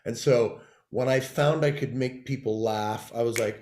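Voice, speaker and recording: A man's voice: mid-range voice, moderate pace, slight background noise. A middle-aged man from California, a guest telling stories in a casual interview and acting out the people he quotes. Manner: animated storyteller who acts out quoted people. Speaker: guest, TV showrunner and actor. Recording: roomy echoey room sound.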